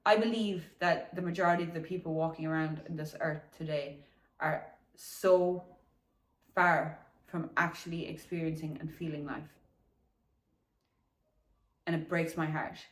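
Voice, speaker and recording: A woman in a casual, reflective talk about slowing down, speaking loosely with swearing and laughter while out on a morning walk. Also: low voice, fairly even intonation, echoey room, recorded from a distance. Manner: meandering, chatty, swears casually, laughs often. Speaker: wellness vlogger.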